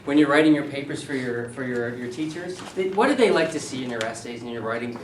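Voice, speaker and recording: A middle-aged man, a university English professor, leading a classroom seminar, animated and quizzing his students. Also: medium pitch, fast talker, a little hiss or hum. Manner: animated, asks the class questions and repeats their answers. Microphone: camera at a distance. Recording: echoey room, voice from far off.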